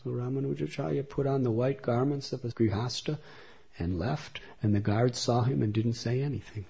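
A man's voice: medium pitch, moderate pace, vocal fry, dark tone, slightly rough. A man telling a devotional story as a speaker in a religious talk, in a dull lo-fi recording.

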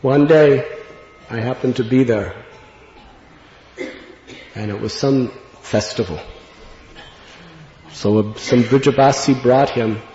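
A man telling a devotional story in an earnest, reflective way, laughing gently at times. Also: medium pitch, slow pace, pauses often, slight background noise. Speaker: spiritual speaker. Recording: dull lo-fi recording in an echoey hall with long reverb.

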